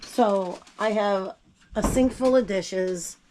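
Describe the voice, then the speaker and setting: A woman's voice: mid-range voice, slow pace, darkish tone, a little hiss or hum. Sick-sounding lady chatting while she makes tea at home, dishes clinking faintly behind. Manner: chatty, blunt, self-deprecating asides. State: sick, voice not at its best. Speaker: gardening vlogger. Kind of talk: casual kitchen how-to chat. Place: home kitchen.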